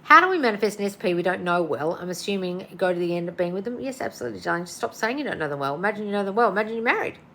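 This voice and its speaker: A woman's voice: medium pitch, animated, racing, few pauses, fairly bright tone, a little hiss or hum. A tired woman coach answering listener questions in a casual livestream, blunt and swearing, calling everyone darling. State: tired and yawning. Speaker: manifestation coach.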